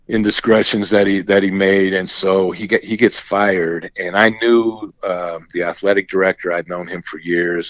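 Very deep-voiced older man telling stories. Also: no room sound. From Indiana, US. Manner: rambling, many restarts, acts out quoted talk. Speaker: former basketball coach, guest. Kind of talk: storytelling interview chat. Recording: dry, slightly dull recording.

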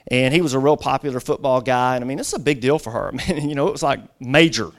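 A man's voice: medium pitch, fast. A middle-aged man preaching a sermon as a guest pastor, telling stories conversationally with lots of "you know" asides.

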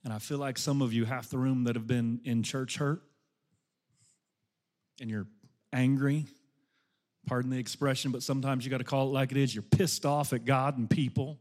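Here a middle-aged man preaches as a pastor, going from loud, passionate urging to gentle, hushed narrative. His voice sits in the mid range with fairly even intonation, a moderate pace, and frequent pauses.

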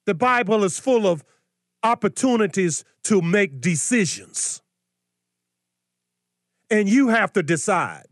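A man's voice: high voice, expressive, slow pace, pauses often, dry recording. Combative preachy male commentator, dry sound. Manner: combative, scolding, rhetorical questions. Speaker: political commentary host.

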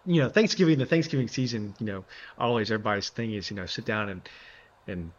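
A man's voice: lowish voice, fast talker, muffled recording. Earnest man sharing faith reflections. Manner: earnest, heavy use of "you know" and "like". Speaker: podcast co-host. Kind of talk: casual faith discussion.

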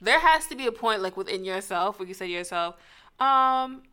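Bright, lively-voiced outspoken woman. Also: medium pitch, normal speed, smooth. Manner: blunt, outspoken opinions. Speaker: podcast co-host. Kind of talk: casual chat.

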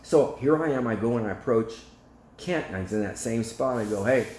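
A man giving a spoken testimony as a preacher, telling his story in a lively way and acting out the voices. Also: mid-range voice, fairly quick, slight background noise. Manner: animated storyteller, acts out quotes, laughs. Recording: echoey room, faint ambience.

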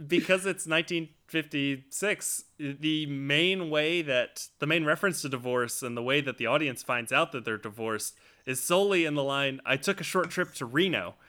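A man co-hosting a movie podcast, chatty and quick to laugh, quizzing his co-host about trivia. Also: a little high, sharp tone, clear, resonant tone. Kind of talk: casual chat about films.

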